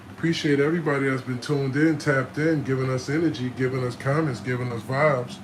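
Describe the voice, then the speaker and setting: A man's voice: mid-range voice, fairly even intonation, a little fast, hardly any pauses, a little hiss or hum. A man hosting a casual livestream, joking around and hyping up his viewers. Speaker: livestream host. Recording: roomy room with faint ambience.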